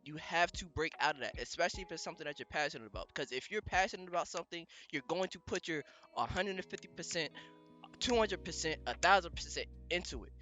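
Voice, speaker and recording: A man's voice: a little high, animated, fast talker, bright, forceful tone, soft background music. A man co-hosting a podcast, talking emphatically in casual motivational chat with lots of swearing. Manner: emphatic, heavy swearing, preachy. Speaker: podcast co-host.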